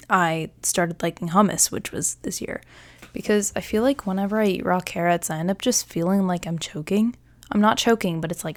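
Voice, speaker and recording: A woman's voice: fairly low pitch, darkish tone, no echo. A young woman hosting a solo podcast, answering listener questions in a chatty, self-mocking, jokey way. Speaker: podcast host.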